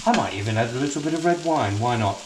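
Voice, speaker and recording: A man's voice: mid-range voice, expressive, fast, noisy background, natural voice. A man playing a posh housewife who hosts a comic cooking show in a home kitchen, calling everyone darling in an affected voice. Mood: posh chatty. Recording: roomy kitchen echo.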